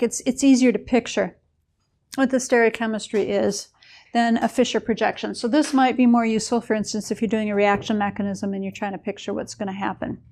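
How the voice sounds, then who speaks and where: A woman's voice: on the high side, darkish tone. A woman lecturing a chemistry class in a casual, explanatory way, with a few fillers as she goes.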